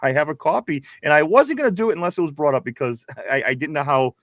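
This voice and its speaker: Laughing, rambling Pittsburgh co-host. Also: male voice, a little high, big pitch swings, fast, fairly bright tone, no echo, clean studio sound. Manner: laughing, rambling, reads viewer messages. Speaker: podcast co-host. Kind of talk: casual live-stream chat.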